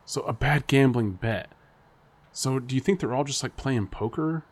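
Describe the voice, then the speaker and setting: A man's voice: medium pitch, moderate pace. A man co-hosting a casual podcast chat, rambling and speculating with frequent laughs and restarts. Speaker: podcast co-host.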